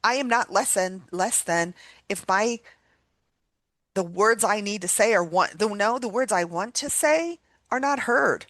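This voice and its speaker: A woman's voice: medium pitch, measured pace, a bit bright, no room sound. A woman hosting a podcast, talking in an earnest, reflective way, with frequent restarts and repeated words. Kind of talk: casual reflective chat.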